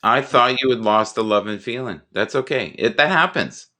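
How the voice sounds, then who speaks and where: A man in his fifties, joking and telling animated stories in a casual chat. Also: medium pitch, normal speed. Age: 50s.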